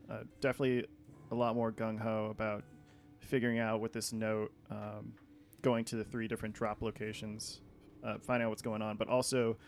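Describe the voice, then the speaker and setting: Low-voiced man, hesitant tabletop player. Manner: hesitant, many ums and restarts. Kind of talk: casual chat in a tabletop game.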